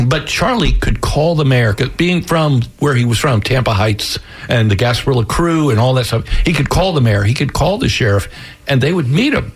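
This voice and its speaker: A man's voice: mid-range voice, animated, moderate pace, husky. A middle-aged man, an author and theater director, talking as an interview guest in a rambling way with repeated words. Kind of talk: interview guest reading his novel.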